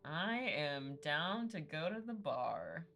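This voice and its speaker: A woman with a notably low voice plays her character in a tabletop game. She talks in a relaxed, playful way. Faint music runs behind her. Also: slow. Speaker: player.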